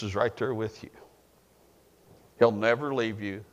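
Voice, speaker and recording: A male pastor preaching a folksy, emphatic sermon in a church, moving between quiet, low lines and loud, emphatic ones. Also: steady tone, measured pace, pauses often. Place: church sanctuary. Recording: reverberant church hall.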